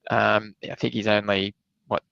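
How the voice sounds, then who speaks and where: A man talks sport in a halting, hesitant way. His voice is low and gravelly but smooth, with a flat delivery. He is recorded dry on a dull, lo-fi mic. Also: no echo. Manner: hesitant, halting analysis with fillers. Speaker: podcast co-host. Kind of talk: casual sports podcast chat.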